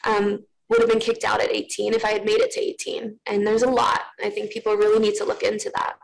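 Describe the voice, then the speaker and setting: Gravelly young woman telling her story. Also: medium pitch, completely flat delivery, fast talker, rough recording. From Russia. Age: young adult. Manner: candid, heartfelt, filler-heavy. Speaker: interview guest. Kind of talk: emotional personal storytelling.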